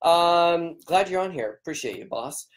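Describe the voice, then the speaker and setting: A man's voice: a little high, expressive, moderate pace. Upbeat rambling man with a strained voice. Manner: upbeat, rambling, greets viewers by name. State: strained, cracking voice. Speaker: business coach. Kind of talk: casual livestream chat.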